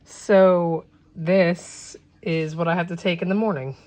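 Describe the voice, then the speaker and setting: A woman's voice: fairly low pitch, fairly even intonation, a little slow, dark tone, poor audio. A woman chatting casually on a home livestream, rambling with exasperated asides.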